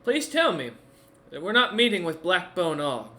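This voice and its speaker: Man playing a jittery male sidekick, high and loud, nervous, echoey room. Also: animated, normal speed. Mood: alarmed. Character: flustered male companion who knows every language.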